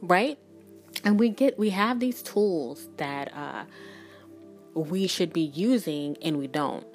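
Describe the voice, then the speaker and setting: A woman's voice: on the low side, animated, takes it slowly, faint music behind. A woman in her thirties, a spiritual reader and energy worker, talking candidly and bluntly in a rambling, emphatic way and swearing freely. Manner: rambling, many restarts and "like". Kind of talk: candid spiritual vlog talk.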